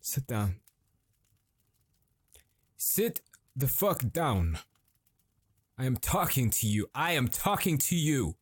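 An actor playing a frustrated husband confronting his wife at dinner, halting and swearing as he grows angrier. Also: mid-range voice, big pitch swings, breathy edge, dry recording, exaggerated voice. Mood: angry. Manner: halting, swearing, escalating to yelling. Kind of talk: improvised dramatic monologue.

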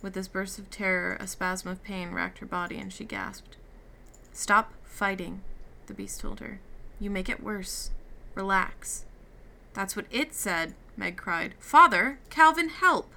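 A woman's voice: medium pitch, little pitch movement, measured pace, vocal fry, bright, forceful tone, slight background noise. A woman reading a novel aloud, giving the characters' lines light shifts. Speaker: reader. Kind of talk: audiobook reading with character dialogue.

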